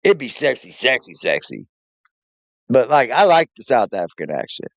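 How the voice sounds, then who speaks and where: Guy reacting to clips, cussing and mocking, lively voice, dry close sound. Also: medium pitch, fairly quick, no room sound. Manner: profane, mocking, laughs often. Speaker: reaction channel host. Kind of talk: casual reaction commentary.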